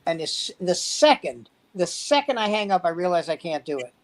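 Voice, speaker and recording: A man's voice: high voice, sing-song, normal speed, rough recording. A man, a veteran stand-up comedian, telling rambling anecdotes in casual chat and acting out the quotes.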